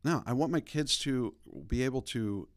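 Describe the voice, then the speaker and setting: A man in his thirties hosting a podcast, telling stories in a rambling, animated way. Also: medium pitch, normal speed, no room sound, clean studio sound. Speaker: podcast host. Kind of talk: casual opinion talk.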